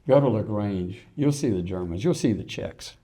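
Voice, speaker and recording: A man's voice: fairly low pitch, animated, moderate pace, dark tone. An older man giving a folksy history lecture, telling stories and asking the audience rhetorical questions. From Texas. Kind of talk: public lecture.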